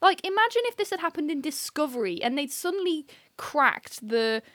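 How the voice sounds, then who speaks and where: Woman podcast co-host, high pitch, ranting and sweary in casual chat. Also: sing-song, moderate pace, fairly bright tone, dry recording.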